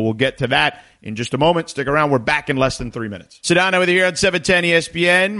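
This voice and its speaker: A man in his thirties hosting a sports call-in radio show, his delivery animated and peppered with "uh" fillers. He reads promos and phone numbers at a brisk clip, then slows into loose, conversational storytelling. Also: a little high.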